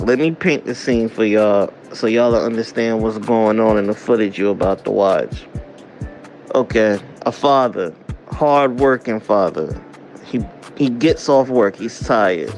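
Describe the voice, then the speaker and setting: Slow-talking man telling a joke story. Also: lowish voice, faint music behind. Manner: laid-back, cursing, laughs at his own story. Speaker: commentary host. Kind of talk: casual comedic storytelling.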